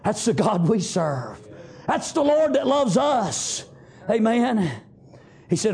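Fervent preacher man, high and gravelly. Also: very animated, takes it slowly. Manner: fervent, rising to shouts, "amen" refrains. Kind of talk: sermon.

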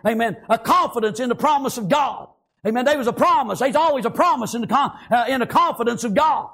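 High-voiced fervent preacher man. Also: quick pace, fairly bright tone, breathy edge. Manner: fervent, peppered with amens and praise Gods. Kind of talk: sermon.

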